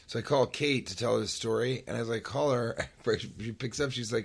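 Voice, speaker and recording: Speaking at a normal pace in a creaky, medium-pitched voice, this man hosts a podcast and spins a funny story in a relaxed way. He brings it to life by performing the voices and sound effects himself.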